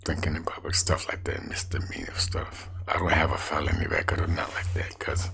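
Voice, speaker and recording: A man giving a personal testimony in a hushed, half-whispered way that rises suddenly with emotion. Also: level tone, fairly quick. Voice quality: gravelly, husky low voice. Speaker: street evangelist.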